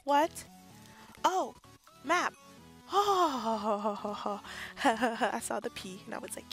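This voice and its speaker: A woman's voice: fairly high pitch, animated, drawn-out words, long pauses, a bit bright, soft background music. A young woman casually commenting on her gameplay, chatty and self-deprecating, often laughing. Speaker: gaming YouTuber. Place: bedroom at home.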